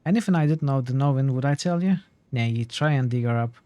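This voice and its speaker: A man reading aloud the lines of an old, superstitious woman in a game, voicing her fearful, folksy warnings in his own plain voice at a middling pitch. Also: a little fast, mellow, no echo, close to an everyday voice. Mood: weary. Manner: archaic folksy speech, fretful warnings.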